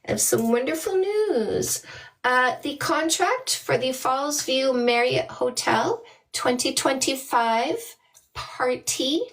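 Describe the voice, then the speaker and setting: A woman's voice: sits high, animated, slow, far from the mic. A middle-aged woman from Canada, a dating coach, talking casually to viewers on a livestream and greeting them by name in a playful way.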